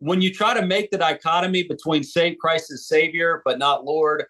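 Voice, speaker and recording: Earnest American man, fairly high voice. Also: steady tone, moderate pace, pushed and bright. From United States. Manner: earnest, emphatic, with frequent restarts. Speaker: author and street preacher. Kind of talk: podcast interview conversation.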